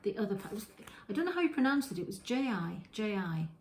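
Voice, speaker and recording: This is a woman's knitting podcast recorded in her home kitchen, where she rambles through a show-and-tell chat, often restarting and correcting herself. Her mid-range voice is very animated, quick, and a little mellow. The rough recording is reverberant, with slight background noise.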